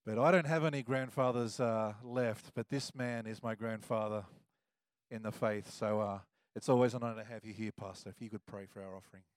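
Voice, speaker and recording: A man's voice: on the low side, steady tone, brisk, no room sound. Chatty Australian man, dry close voice. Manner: chatty, loose, self-correcting. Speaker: service leader. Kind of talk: casual church announcements.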